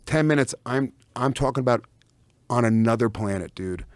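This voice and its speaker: A man telling a profane, animated anecdote as a podcast guest. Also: medium pitch, normal speed, dry recording. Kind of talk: storytelling on a podcast.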